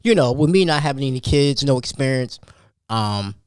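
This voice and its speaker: A man in his thirties hosting a casual solo podcast, telling a story in a rambling, animated way with many restarts. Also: mid-range voice, normal speed, clean tone, no room sound, clean studio sound. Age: 30s. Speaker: podcast host.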